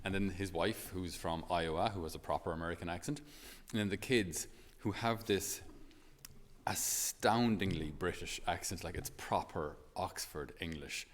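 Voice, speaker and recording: Irish priest with a low voice. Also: male voice, moderate pace, big-room sound, slight background noise. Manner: conversational, storytelling with many fillers. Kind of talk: homily.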